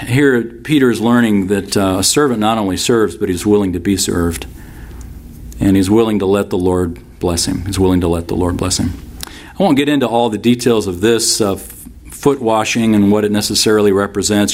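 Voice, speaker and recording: A man with a fairly low voice preaching from the pulpit. He reads scripture and then unpacks it in an easy, conversational way. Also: moderate pace, darkish tone. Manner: expository preaching, conversational asides. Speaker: pastor. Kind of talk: sermon.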